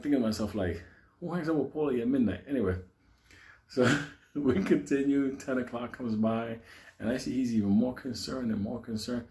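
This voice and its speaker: Male comic storyteller, profane, animated, chuckling through it. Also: fairly low pitch. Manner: profane, animated, laughs while telling.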